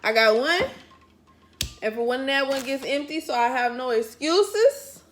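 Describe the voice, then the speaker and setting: A woman's voice: on the high side, animated, measured pace, long pauses, a little hiss or hum. A woman chatting casually to camera as a vlogger, folksy and encouraging, drifting off topic. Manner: encouraging, pep-talk delivery.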